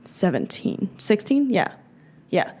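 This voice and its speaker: A slow, sing-song voice of medium pitch, slightly mellow with a breathy edge, belongs to a twenty-something woman co-hosting a podcast. Her casual talk is packed with "like" and fillers, she swears loosely, and she performs the quotes she relays.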